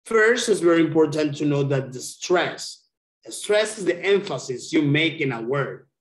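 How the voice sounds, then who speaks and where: A man's voice: fairly high pitch, animated, measured pace. A man teaching an English lesson over a video call, speaking patiently and repeating key words. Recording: roomy echo.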